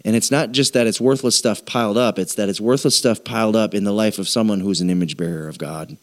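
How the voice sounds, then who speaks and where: A male pastor preaching a sermon, animated and conversational, slowing down and dropping low to drive points home. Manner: animated storytelling, voices people in a high pitch, slows and drops low for emphasis.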